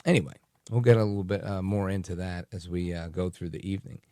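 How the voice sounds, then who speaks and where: A man's voice: deep voice, fast talker, warm tone, no echo, studio quality. A man hosting a talk radio show, delivering a rambling, chatty monologue full of asides and fillers.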